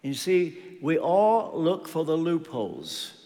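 Older preacher with a lively, slow delivery. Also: male voice, fairly high pitch, big-room sound. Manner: earnest, personal storytelling with pauses and restarts. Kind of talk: sermon.

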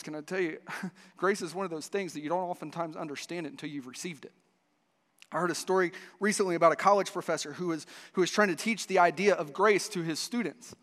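A pastor with a high-pitched, slightly bright voice preaches to his church, telling a story full of restarts and voicing the dialogue himself. Long hall reverb fills the recording.

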